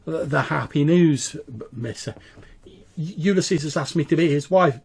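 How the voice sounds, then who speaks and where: A man's voice: mid-range voice, fairly even intonation, normal speed, vocal fry, husky. A man voicing a flustered young noblewoman who stammers and trips over her words. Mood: giddy. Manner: stammering, breathless.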